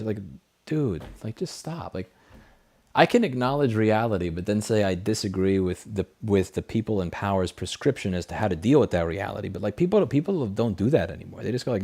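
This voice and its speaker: A man's voice: on the low side, animated, fairly quick, darkish tone, husky. A man hosting a casual late-night livestream, reading chat questions and answering in a blunt, profane, rambling way through a desk microphone.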